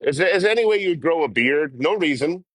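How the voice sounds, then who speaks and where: A man's voice: fairly high pitch, expressive, brisk, fairly bright tone, no echo. A young man hosting a casual livestream, swearing and laughing as he chats with viewers while traveling. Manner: profane, laughing, chatty. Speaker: livestream host. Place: outdoors while traveling by train.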